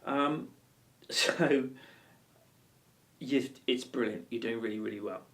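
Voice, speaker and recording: A man's voice: medium pitch, slow pace, fairly bright tone, far from the mic. A man teaching a ukulele course in a chatty, encouraging way, with lots of ums and restarts. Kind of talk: casual video lesson and anecdote.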